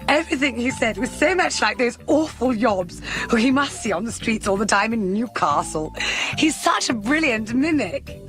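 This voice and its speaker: A woman's voice: fairly high pitch, expressive, moderate pace, over music, lightly acted. An actress playing a prim, well-spoken young woman on a dating show, politely complaining about her date. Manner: polite, prissy disapproval.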